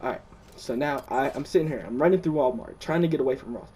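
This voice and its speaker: A young man casually telling the story of a dream, excitable, swearing often and restarting his sentences. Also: medium pitch, fast, slight background noise. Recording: distant mic.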